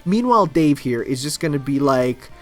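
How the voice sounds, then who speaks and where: A young man hosts a web show in a fairly high voice, delivering a sarcastic, rambling comedy rant. He talks in loose bursts full of fillers. Faint music plays behind him. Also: lively intonation, moderate pace.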